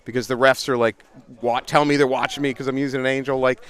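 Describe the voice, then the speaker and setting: A middle-aged man, casually telling animated paintball stories as a livestream commentator outdoors. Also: medium pitch, fast talker. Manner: animated, laughing storyteller.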